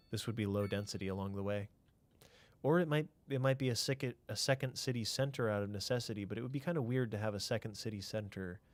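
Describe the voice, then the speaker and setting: A man's voice: fairly low pitch, a little mellow. A man streaming a city-building game, thinking aloud in a casual way, answering chat and trailing off into mutters.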